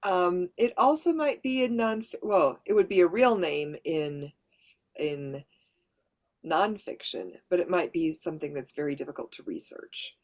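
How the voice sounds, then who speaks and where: Low-voiced woman giving a workshop talk. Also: a little slow. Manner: practical, explains with read-out examples, light laughs. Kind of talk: workshop presentation.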